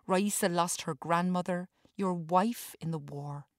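A woman's voice: fairly low pitch, a little slow, no echo, studio quality, natural voice. A woman reading a storybook, voicing a fierce grown daughter and protective mother who confronts her father. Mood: ferocious. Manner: ferocious, then quieter and pleading.

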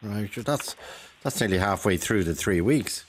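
A man hosting a radio phone-in, interviewing a caller in a calm, sympathetic way. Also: on the low side, normal speed, husky. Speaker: radio host.

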